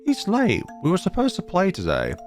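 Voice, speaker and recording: A man voicing a spirited young village girl who is bold and protective, in an excited, high squeaky voice. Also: moderate pace, soft background music. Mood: surprised.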